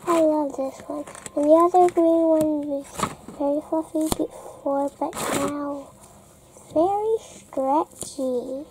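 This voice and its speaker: A young girl hosting a casual slime vlog, chatty and unhurried, often dropping to a soft near-whisper. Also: sits high. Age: child. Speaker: young slime channel host. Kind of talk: casual toy vlog chat. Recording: faint background noise.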